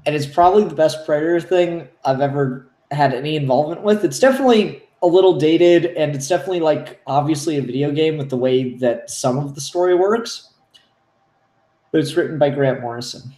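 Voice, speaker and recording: A man co-hosting a casual comics chat, excitable and profane, acting out scenes as he talks. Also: on the high side, fairly quick. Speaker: podcast co-host. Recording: roomy echo.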